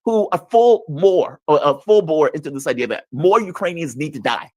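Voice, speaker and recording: A man's voice: fairly high pitch, lively intonation, moderate pace, no room sound. A man commenting on politics in a blunt, combative and mocking way. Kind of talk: heated political discussion.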